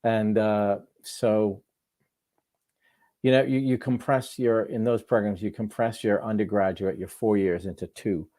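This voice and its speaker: A man being interviewed as a guest author, answering in a relaxed, self-deprecating way. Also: fairly low pitch, unhurried. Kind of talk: conversational interview.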